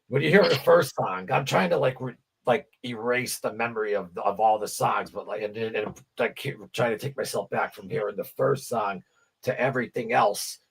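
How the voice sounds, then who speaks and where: Rough husky guy rambling on a stream, lots of restarts and swearing. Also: on the low side, moderate pace. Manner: rambling, stammering, swears freely. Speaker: livestream co-host. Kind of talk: casual chat about music.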